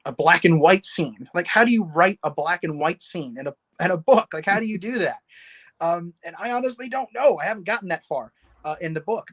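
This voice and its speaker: A man guesting on a casual livestream chat. He has a slightly high voice and talks with eager enthusiasm, circling back and restarting his sentences as he goes. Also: fairly bright tone. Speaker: guest, novelist.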